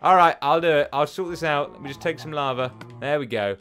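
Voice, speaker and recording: A man's voice: a little high, fairly quick, fairly bright tone. A young British man hosting a let's play from his bedroom, chatting in a rambling, easily flustered way. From United Kingdom. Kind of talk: casual gaming commentary. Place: home bedroom.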